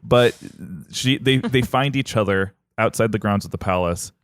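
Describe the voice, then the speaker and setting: A man's voice: lowish voice, clean tone, no echo. A man hosting a podcast, retelling a myth in a comedic chat and briefly acting out the characters. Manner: animated, acts out characters in quick bits.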